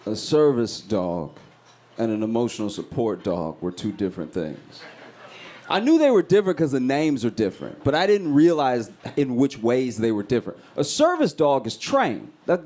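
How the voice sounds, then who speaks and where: A male stand-up comedian telling a story with animated energy, often breaking into shouted voices. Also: medium pitch.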